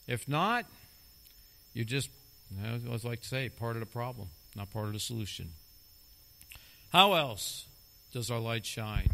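A man's voice: medium pitch, expressive, normal speed, vocal fry, long pauses, sharp tone. A middle-aged man preaching a sermon as a lay preacher, talking emphatically and repeating key phrases for stress.

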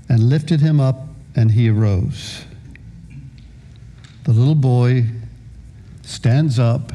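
A man's voice: mid-range voice, mellow. A man in his sixties preaching a sermon as a pastor, often repeating words as he starts a phrase.

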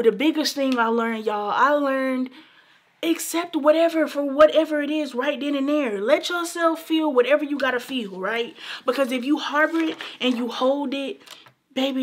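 A young woman talking earnestly to camera in a vlog, emphatic and repetitive, calling her viewers baby and y'all. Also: high voice. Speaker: beauty vlogger. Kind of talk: casual heartfelt talk to camera.

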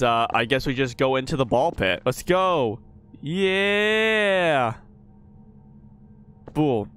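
A man's voice: a little high, a bit bright, clean tone. A young man commenting on a horror game as he plays, swearing often and jumping at noises. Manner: profane, jumpy, talks to himself while playing. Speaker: gaming YouTuber.

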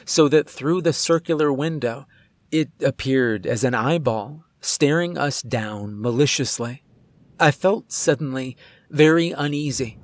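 A man reading a scripted first-person horror story in a measured, suspenseful way. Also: medium pitch.

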